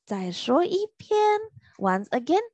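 A woman's voice: fairly high pitch, very animated, darkish tone, husky, no room sound. A woman teaching Mandarin vocabulary, drawing out each tone with patient repetition in a drill. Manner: slow, over-stretched tones, patient repetition. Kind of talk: classroom language drill.

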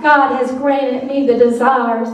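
A woman's voice: high-pitched, flat delivery, takes it slowly. A woman giving a fervent, sing-song testimony sermon in a church, her voice sometimes breaking. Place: church sanctuary. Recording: echoey church from far off.

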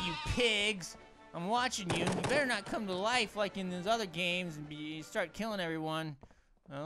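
A man hosting a gaming channel, giving goofy let's-play commentary full of puns and talking to the characters on screen. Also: sits high. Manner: punning, jokey, talks to game characters. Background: game music.

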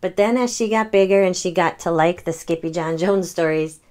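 Storytime mom in her 30s, gentle, explains as she reads, lowish voice. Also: normal speed. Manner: gentle, explaining to young children. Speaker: storytime reader and parent. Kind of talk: children's read-aloud.

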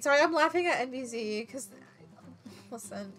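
A woman streaming a video game, chatting excitably, laughing often and swearing casually. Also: sits high, normal speed, faint music behind. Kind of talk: casual gameplay commentary.

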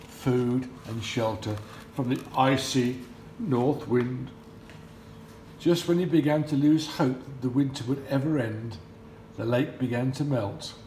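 A man reading a bedtime storybook aloud, expressive and playful in his delivery. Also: medium pitch, roomy sound, slight background noise, low-quality recording.

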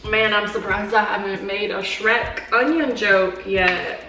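A woman's voice: mid-range voice, fairly even intonation, measured pace. A young woman chatting casually in a cooking vlog, playful and dramatic, often giggling and complaining. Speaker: vlogger. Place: home kitchen. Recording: echoey kitchen, far from mic, music behind.

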